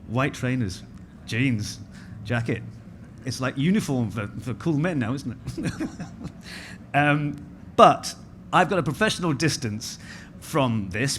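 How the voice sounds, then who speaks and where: A man's voice: mid-range voice, slight background noise. A middle-aged man hosting a conference as master of ceremonies, chatty and self-mocking, speaking into a stage microphone in a large hall. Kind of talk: conference welcome speech.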